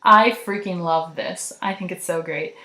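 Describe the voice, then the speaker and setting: A young woman hosts a knitting podcast in a chatty, meandering way, full of ums and little giggles. Her voice is bright and forward. It rings in an echoey room. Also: lowish voice, unhurried. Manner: chatty and rambling, many ums, giggles often. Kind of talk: casual chat to viewers.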